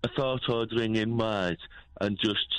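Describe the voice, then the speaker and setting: Cheeky low-voiced male caller. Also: unhurried, a bit bright, smooth, no echo, low-quality recording. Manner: cheeky, mocking, laid-back. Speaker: radio caller. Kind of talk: prank phone-in call.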